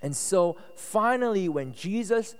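A man preaching a casual, conversational sermon as pastor at a retreat, relaxed and chatty, often checking that listeners follow. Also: sits high, a little slow, smooth. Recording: echoey hall reverb.

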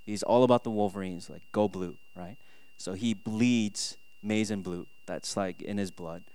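A man from Minnesota, a pastor in his thirties, giving a sermon with animated storytelling and rhetorical questions. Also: on the low side, measured pace, smooth, dry recording.

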